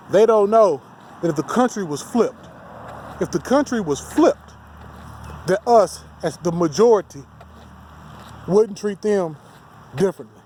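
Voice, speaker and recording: A man's voice: high voice, a little mellow, a little hiss or hum. A man delivering a heated, profane, rambling rant as a solo vlogger. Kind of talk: ranting monologue to camera.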